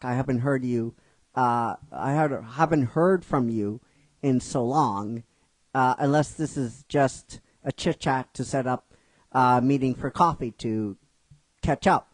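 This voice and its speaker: A man's voice: medium pitch, a little slow, no room sound, voice pushed down, natural voice. Misty, as a man reads her lines. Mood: guarded. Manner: hesitant, full of uh fillers. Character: young adult woman, old friend, wary and teasing.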